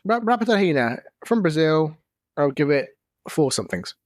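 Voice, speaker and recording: A man's voice: on the high side, very animated, normal speed, no room sound, studio quality. A man co-hosting a podcast, chatting casually and searching for words while tasting snacks. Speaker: podcast co-host. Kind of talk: casual chat, taste-testing snacks.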